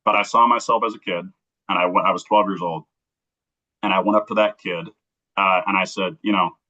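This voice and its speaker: A man's voice: low-pitched, fairly even intonation, brisk, bright, forceful tone, lo-fi sound. A middle-aged man, an interview guest, earnestly telling a personal story on a livestream and acting out remembered dialogue.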